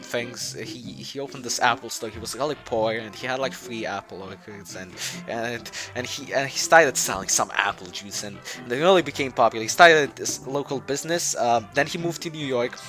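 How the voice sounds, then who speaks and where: A man's voice: mid-range voice, normal speed, few pauses, sharp tone, soft background music. A man presenting his game project in a loose, rambling way, full of fillers and restarts, often chuckling. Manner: chuckling, offhand. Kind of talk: joking game showcase.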